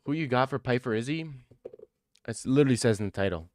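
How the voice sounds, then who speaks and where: Young male streamer with a clear, crisp voice on a dry close mic, jokey and loose. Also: medium pitch, animated, fast talker, darkish tone, no room sound. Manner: joking, laughs often, swears casually. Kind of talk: casual reaction stream.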